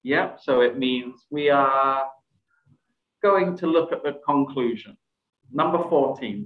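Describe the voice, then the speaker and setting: Speaking at a measured pace with medium pitch, a man leads a presentation skills workshop over video call. He quizzes the group and praises their responses. The sound, picked up by a video call microphone, is echoey and dull.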